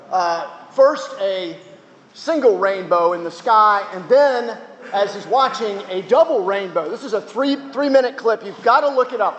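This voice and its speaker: A man's voice: sits high, slight background noise. A male chaplain giving an informal teaching to students, chatty, with asides to the audience. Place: chapel hall. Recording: echoey hall, dull lo-fi sound.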